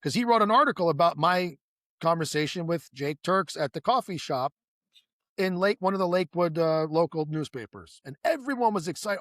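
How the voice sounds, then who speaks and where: A man with a fairly high voice tells a long story in an easygoing, conversational way. He restarts sentences, adds asides and acts out quoted lines, and the sound is close and dry. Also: fairly quick, no echo. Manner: animated storyteller who acts out quoted dialogue; rambling with many restarts and asides. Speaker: guest.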